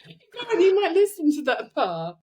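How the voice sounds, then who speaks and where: A woman's voice: very high voice, wildly swooping pitch, a little slow, a little mellow. A woman as a guest on a podcast, giggly and playful in casual banter.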